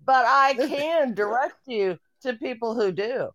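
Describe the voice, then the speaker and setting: A woman's voice: fairly high pitch, lively intonation, measured pace, a bit bright. A woman from Omaha calling in, sassy and playful, swearing freely. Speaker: caller. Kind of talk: casual call-in banter.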